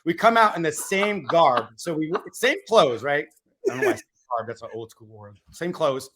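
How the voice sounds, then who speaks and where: A man guests on a podcast and tells a story with animation. His voice sits somewhat high for a man. He speaks casually and uses a fair number of fillers. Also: sing-song, moderate pace, fairly bright tone.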